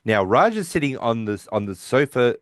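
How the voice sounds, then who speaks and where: This podcast co-host's medium-pitched voice swings widely in pitch at a moderate pace, with no echo in the room. Chatting casually, he retells a sitcom episode in rambling fashion and performs the characters' lines along the way.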